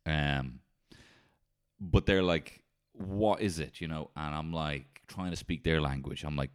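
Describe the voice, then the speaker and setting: A man telling an animated, sweary comedy story and breaking into shouted impressions. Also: a bass voice, moderate pace.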